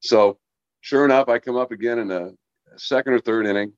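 A man's voice: mid-range voice, fairly quick, no room sound. A man, a former baseball player, chatting on a podcast and telling long stories with restarts over a dull, dry remote line. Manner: storytelling, rambling with restarts. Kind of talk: casual podcast chat.

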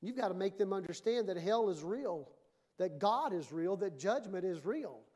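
A woman's voice: medium pitch, expressive, normal speed, mellow. Emphatic woman pastor preaching a sermon. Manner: emphatic, conversational preaching that acts out quoted voices.

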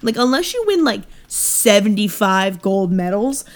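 A woman's voice: medium pitch, sing-song, a little slow. A woman co-hosting a comedy podcast, ranting in mock exasperation and laughing often. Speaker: podcast co-host. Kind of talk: casual comedic chat. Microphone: headphones on, home podcast mic.

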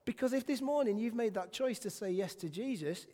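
Animated English preacher in a reverberant church. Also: male voice, high-pitched, brisk. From England. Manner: animated, self-deprecating storytelling with bursts of shouting. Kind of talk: sermon. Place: church sanctuary. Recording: church hall with long reverb.

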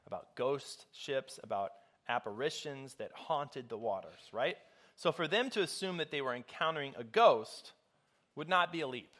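Male pastor, sermon delivery, conversational and self-deprecating, bright tone. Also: mid-range voice.

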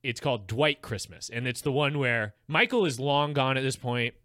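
A man's voice: mid-range voice, animated, moderate pace, bright, forceful tone, dry recording, studio quality. A man in casual conversation as a podcast co-host, rambling and chatty, laughing often. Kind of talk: casual chat.

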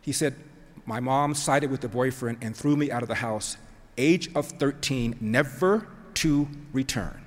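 A man's voice: mid-range voice, measured pace. Man, storytelling speech, emphatic, quoted voices acted out, long hall reverb. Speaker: speaker telling a family story.

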